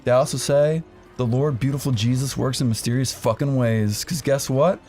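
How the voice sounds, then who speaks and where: A man's voice: medium pitch, normal speed, soft background music. A young adult man casually telling a crude story as a podcast co-host, swearing freely. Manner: profane, animated anecdote-telling.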